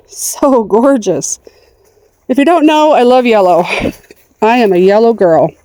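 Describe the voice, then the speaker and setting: A woman's voice: a little high, mellow, no echo. Chatty woman walking her garden. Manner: chatty, talks to her dogs and plants. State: voice going in and out. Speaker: gardening vlogger. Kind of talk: casual garden walkthrough. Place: outdoors in a backyard garden.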